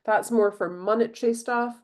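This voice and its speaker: A woman's voice: fairly high pitch, steady tone, normal speed. Scottish woman, solo podcast host, casual and bubbly, filler-heavy delivery. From Scotland. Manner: bubbly, chatty, lots of fillers.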